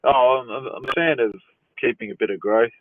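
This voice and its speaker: Answering chat during a live Q&A, this host speaks at a medium pitch and a little quickly, reading out viewer questions with easygoing amusement and frequent chuckles. It's captured on a phone livestream, so the audio is dry and tinny.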